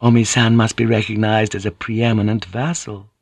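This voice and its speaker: A man's voice: on the low side, flat delivery, normal speed, creaky, slightly rough, dry recording. A man voicing a polite, tactful young courtesan with a soothing, diplomatic manner. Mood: reassuring.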